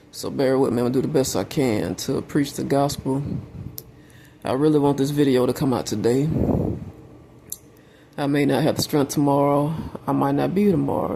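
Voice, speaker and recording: Hoarse, halting man vlogging. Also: mid-range voice, mellow, a little hiss or hum. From Southern United States. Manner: halting, drifting, full of fillers and restarts. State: losing his voice, unwell. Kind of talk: rambling personal vlog. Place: at home.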